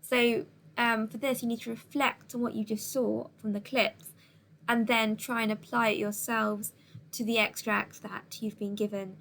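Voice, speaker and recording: A woman teacher with a slightly high voice talks students through a lesson at a measured, patient pace, pausing now and then with an "um". Her instructions are clear and step by step, as in a recorded remote class. A faint hiss sits under her voice. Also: level tone, fairly bright tone.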